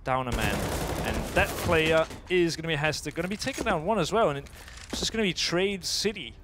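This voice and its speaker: A man's voice: a little high, lively intonation, brisk, fairly bright tone, a little hiss or hum. Chatty man commenting a live esports match. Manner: chatty, laughs easily, thinks aloud mid-sentence.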